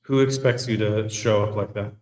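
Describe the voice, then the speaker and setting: A man's voice: on the low side, steady tone, normal speed, a little mellow. A man talking candidly in a podcast conversation, blunt and reflective, swearing freely. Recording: roomy echo.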